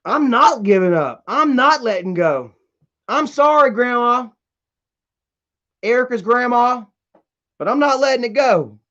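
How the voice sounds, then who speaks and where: Heated high-voiced man ranting on stream. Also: animated, a little slow, long pauses, bright, forceful tone, highs cut off. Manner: heated, profane, reads chat messages aloud. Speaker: livestreamer. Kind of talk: casual livestream rant. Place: at home.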